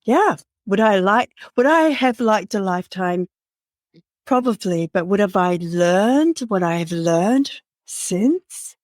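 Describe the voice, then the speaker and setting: A middle-aged woman hosting a podcast interview, speaking in a measured, reflective way. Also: mid-range voice, animated, no echo, studio quality. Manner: slow, measured, warm and reflective. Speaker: podcast host. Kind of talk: conversational interview.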